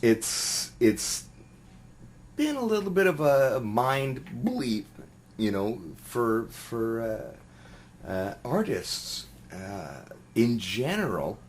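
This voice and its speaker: A man's voice: medium pitch, sing-song, very slow, slight background noise. A middle-aged man, a musician, chatting in an interview, rambling with lots of fillers and restarts. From Canada. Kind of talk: casual interview chat.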